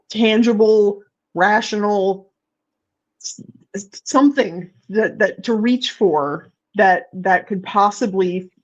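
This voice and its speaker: A woman hosting a casual online chat talks candidly, swearing and restarting her sentences. Her voice comes through a somewhat dull, lo-fi recording. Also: mid-range voice. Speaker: host. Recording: dull lo-fi sound.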